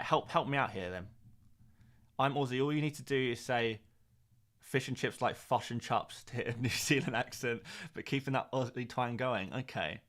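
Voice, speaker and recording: A man's voice: medium pitch, fairly bright tone. Chatty man answering live-stream viewers. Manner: reads out viewer comments and chats back jokily; chatty, with frequent fillers and laughs. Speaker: fantasy football streamer. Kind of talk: casual live-stream chat.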